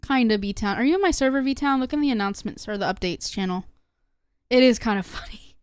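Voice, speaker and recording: A woman's voice: on the high side, a little fast, clean tone, dry recording. A young woman streamer talking casually to her chat, rambling with lots of fillers and restarts. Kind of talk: casual livestream talk to chat.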